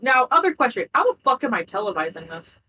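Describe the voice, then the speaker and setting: A woman playing a tabletop game reacts loudly and swears freely. Her voice is bright and sits a little high for a woman. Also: quick pace, slight background noise. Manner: excitable, swears freely, shouts in surprise. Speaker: player. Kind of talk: tabletop role-play chat.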